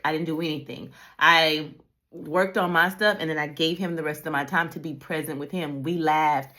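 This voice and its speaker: A woman's voice: lowish voice, a bit bright. A middle-aged woman hosting a casual reflective talk, telling candid stories and acting out quoted voices. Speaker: host.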